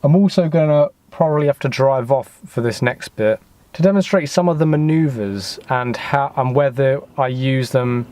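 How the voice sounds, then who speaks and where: A young British vlogger chats casually and pokes fun at himself, rambling with plenty of fillers. His voice is mid-range and warm, at a moderate pace. He's filmed in a car and outside by a house.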